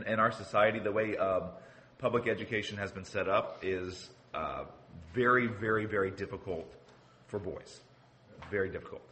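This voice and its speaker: Earnest low-voiced male preacher. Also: a bit bright. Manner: earnest, repeats words while building a point; often says "okay" as a signpost. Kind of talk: sermon.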